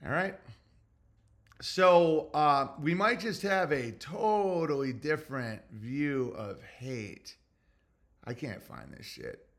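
A man's voice: on the high side, sing-song, slow, a bit bright. A man hosting a podcast, delivering a rambling, profane, agitated commentary monologue full of restarts. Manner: profane, agitated ranting with restarts and mock voices. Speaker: podcast host.

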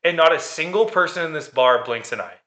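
A man's voice: fairly high pitch, animated, fairly quick, sharp tone. A man telling a dating story in casual chat, sarcastic and swearing freely. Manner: sarcastic, profane.

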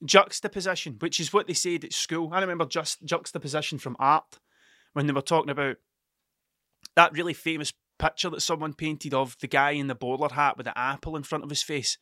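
A man in his forties talks alone on his podcast, wandering from one tangent to the next. He swears constantly and pokes fun at himself. His voice is bright, sits a little high, and sounds dry and close to the mic. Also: fairly even intonation, brisk, no echo. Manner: sweary, rambling, self-mocking. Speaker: podcast host. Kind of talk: solo rambling monologue.

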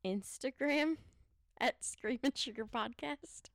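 A woman's voice: sits high, slow pace, gravelly, no echo, clean studio sound. A young adult woman co-hosting a podcast in casual chat, teasing and giggling. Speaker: podcast co-host.

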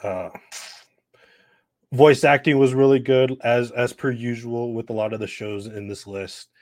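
A man's voice: medium pitch, fairly even intonation, measured pace, a little mellow, no room sound. A man co-hosting a casual podcast, eager and swearing casually. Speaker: podcast co-host.

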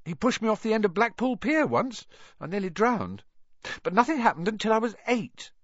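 A man's voice: sits high, very animated, fairly quick, no echo, highs cut off, voice pushed up. A man voicing a shy, nervous young schoolboy who rambles eagerly.

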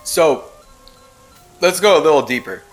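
A man's voice: on the high side, animated, measured pace, soft background music. A man hosting a podcast, talking in a rambling, emphatic way and laughing often as he muses on spirituality. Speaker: podcast host. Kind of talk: casual spiritual monologue.

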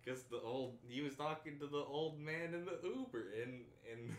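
A man's voice: fairly high pitch, normal speed. Exasperated man, echoey room. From Kentucky. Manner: exasperated, profane storyteller. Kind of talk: casual storytelling chat. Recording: echoey room with faint background hum.

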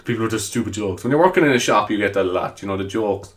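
Low-voiced man rambling on a podcast. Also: lively intonation, racing. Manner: self-mocking, chatty, swears casually; addresses listeners as lads. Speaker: podcast host. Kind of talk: rambling solo podcast chat.

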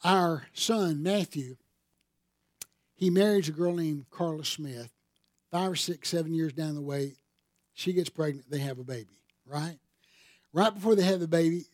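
Older pastor with a higher voice, dry sound. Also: male voice, no room sound. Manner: emphatic storytelling, swelling louder and higher on key points. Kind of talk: sermon. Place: church sanctuary.

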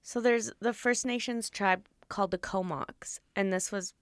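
A woman's voice: medium pitch, unhurried, dry recording, clean studio sound. A woman co-hosting a casual podcast, chatting playfully and laughing often as she tells a story. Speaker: podcast co-host.

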